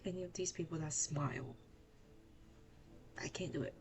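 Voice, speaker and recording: A woman's voice: sits low, normal speed, long pauses. A young woman giving casual, chatty commentary while playing a horror game. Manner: chatty, self-deprecating. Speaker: gaming streamer.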